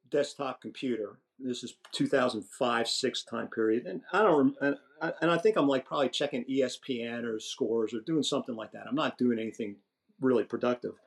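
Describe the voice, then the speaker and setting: Man in his 60s, podcast guest, storytelling, salty, lively. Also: mid-range voice, vocal fry. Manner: animated, profane anecdotes with restarts. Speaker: podcast guest, retired general. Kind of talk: casual storytelling.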